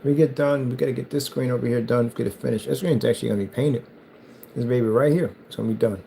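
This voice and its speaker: Male vlogger, gravelly, excitable and rambling, faint background noise. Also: medium pitch, racing, poor audio. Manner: hyped, rambling, self-promoting. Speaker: DIY builder. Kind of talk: casual build vlog.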